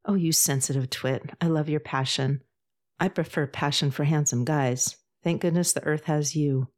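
A woman reading aloud and voicing a blunt, joking, beer-loving woman friend in a storybook podcast, with a low voice. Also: steady tone, normal speed, a little mellow, lightly acted. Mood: teasing.

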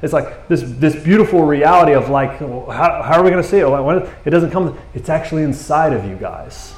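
A man preaching a conversational sermon, reading scripture and breaking into animated, joking asides. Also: on the high side, normal speed, roomy sound.

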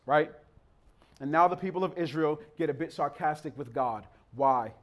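An impassioned male preacher delivers a sermon in a rhythmic, repeating cadence that builds toward near-shouts. His voice sits notably high for a man.

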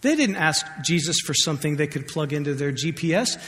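A man's voice: on the high side, lively intonation, fairly quick, fairly bright tone. A man preaching a sermon as pastor, conversational and joking, acting out scripture quotes. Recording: long hall reverb.

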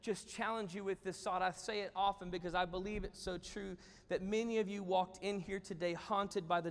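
A pastor preaching a sermon in a church, telling a story in an animated way with playful asides. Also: male voice, high-pitched, normal speed, hardly any pauses. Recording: church hall reverb.

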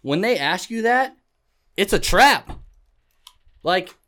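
A man's voice: high voice, lively intonation, slow pace, bright, forceful tone. Blunt, profane man ranting on a podcast. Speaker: podcast co-host. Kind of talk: casual podcast rant.

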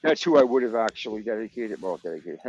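A man talking excitedly and rambling in a casual group chat. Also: on the low side, fast talker, muffled recording, slight background noise. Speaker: show regular.

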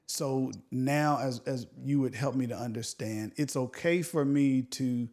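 A man co-hosting a casual Bible discussion, thoughtful and unhurried, with many fillers and restarts. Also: medium pitch, darkish tone. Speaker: podcast co-host.

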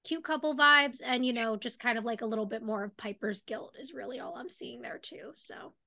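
A woman's voice: a little high, brisk, creaky, pushed and bright. A woman co-hosting a podcast, chatting casually about a TV episode and filling her talk with "like". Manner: chatty, lots of "like". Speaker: podcast co-host. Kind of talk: casual recap chat.

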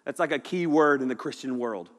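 A man preaching a lively, jokey youth sermon to a room of students. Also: medium pitch, a little fast. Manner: animated, jokey, shouting at times. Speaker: youth pastor. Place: church hall with audience. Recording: echoey hall.

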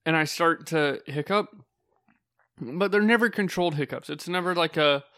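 A man's voice: fairly high pitch, normal speed, bright, forceful tone, dry recording, clean studio sound. A man co-hosting a podcast, talking in an easygoing, joking way. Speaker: podcast co-host. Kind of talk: casual chat.

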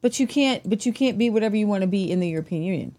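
A woman's voice: medium pitch, lively intonation, very fast, dark tone. A woman co-hosting a casual news talk show, chatty and tripping over foreign place names. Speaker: co-host.

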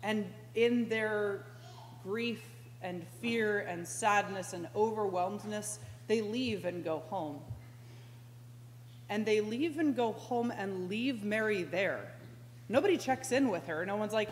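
A woman preaching a conversational sermon as a pastoral intern, slow and reflective, with sudden animated outbursts. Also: mid-range voice. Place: church sanctuary. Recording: echoey church hall with faint hum.

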